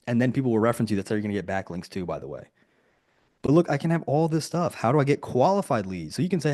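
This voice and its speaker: A man running a marketing coaching session on a group video call, talking emphatically, firing off rhetorical questions and acting out quoted lines in sudden higher voices. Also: animated, fast talker, darkish tone.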